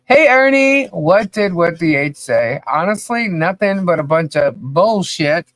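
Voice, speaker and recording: Woman co-host of a podcast livestream: loose, joking, slow-paced, dry recording, calls out viewers by name. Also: lowish voice, big pitch swings, no echo. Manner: laughs often, loose and joking; reads out viewer names one by one. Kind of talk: casual livestream chat greeting viewers.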